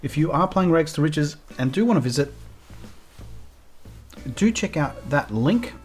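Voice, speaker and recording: A woman's voice: low-pitched, animated, measured pace, darkish tone, husky, soft background music. Chatty woman streaming a game. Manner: chatty, thanks viewers often. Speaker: live streamer. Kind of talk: casual live game stream chat.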